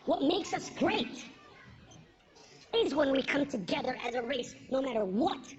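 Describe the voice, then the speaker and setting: A woman's voice: sits high, animated, measured pace. A woman performing a stand-up comedy set on stage, punching out her lines and slipping into put-on voices for her jokes. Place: stage before a live audience. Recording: lo-fi with background noise.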